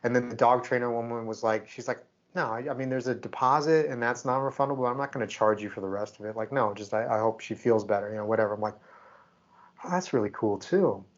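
A man's voice: medium pitch, fast talker, dull audio. A man co-hosting a podcast, telling a story in casual chat and acting out the back-and-forth of what people said. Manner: animated, acts out quoted exchanges. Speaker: podcast co-host.

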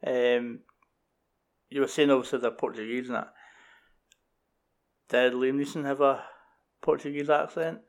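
Guy, gravelly voice, blunt quick questions in casual chat. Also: medium pitch, steady tone. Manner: short blunt questions and interjections.

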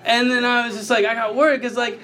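Speaking quickly in a level, bright and forceful voice, a man in his thirties performs stand-up on a comedy club stage into a handheld mic. He laughs his way through his stories and acts out the quoted lines with sudden high squeals while the live crowd laughs.

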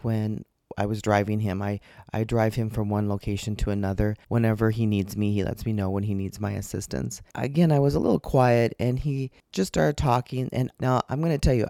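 A man's voice: mid-range voice, creaky, warm tone, no room sound, studio quality. A man hosting his podcast alone from his couch, telling a story in an earnest, reflective way into a portable microphone plugged into his phone. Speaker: podcast host. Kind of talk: casual solo podcast monologue. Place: home, sitting on a couch. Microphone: portable microphone attached to a phone.

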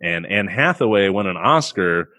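A man co-hosting a casual comedic film review, ranting with profanity and sudden high-pitched outbursts of exasperation. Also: lively intonation, moderate pace, sharp tone, dry recording. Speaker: podcast co-host.

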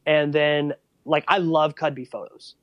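A man in his thirties from St. Louis talks casually on a podcast, acting out every side of the conversations he recounts. His voice sits a little higher than most men's. The sound is close and dry, with no room echo. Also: unhurried, highs cut off. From St. Louis, USA. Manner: animated storyteller who acts out quoted dialogue. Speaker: guest, motocross journalist and photographer.

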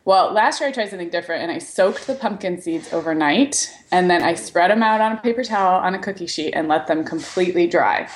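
A woman's voice: lowish voice, animated, fairly quick, few pauses, slight background noise. A woman co-hosting a podcast, chatting casually and rambling with lots of fillers. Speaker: podcast co-host. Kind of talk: casual chat.

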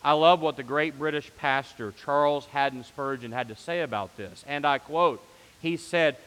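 Pastor preaching in a reverberant hall. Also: male voice, a little high, normal speed, a bit bright. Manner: preaching, rising to fervent emphasis in repeated phrases. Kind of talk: sermon.

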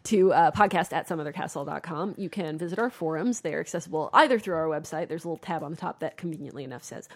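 A woman's voice: low-pitched, fast talker, hardly any pauses. A woman co-hosting a podcast in casual chat, playful and often laughing. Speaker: podcast co-host.

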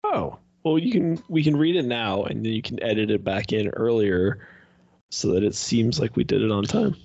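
A man's voice: lowish voice, lively intonation, moderate pace, gravelly, darkish tone, dry recording. A man co-hosting a podcast, joking wryly and laughing often in casual chat. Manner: wry, jokey, laughs often. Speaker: podcast co-host. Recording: dull lo-fi podcast audio.

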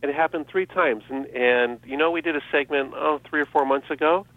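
A man's voice: on the high side, brisk, dry recording. A man giving selling tips as a guest on a radio show, upbeat and laughing often. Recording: dry, tinny phone line.

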